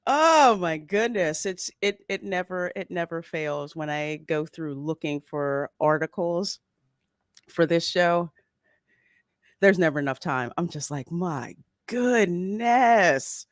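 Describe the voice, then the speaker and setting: Woman podcast host from Philadelphia, bubbly, lower-pitched voice, dry close mic. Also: unhurried, dry recording. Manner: bubbly, laughs often, warmly greets chat. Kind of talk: livestream podcast chat.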